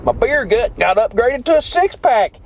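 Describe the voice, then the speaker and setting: A man voicing a crude, boisterous redneck brought back from the dead, with a Southern US accent and a loud, drawling, whooping manner in a radio comedy skit. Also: very high voice, animated, normal speed, lo-fi sound, noisy background, pitched above the performer's own voice. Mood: rowdy.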